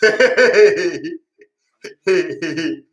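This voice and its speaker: A man chatting alone on a home live stream, spinning crude jokes and laughing constantly between lines. His voice sits a touch high and he talks at a slow, drawn-out pace, rambling and repeating himself. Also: lively intonation, roomy sound. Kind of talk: rambling crude joking chat.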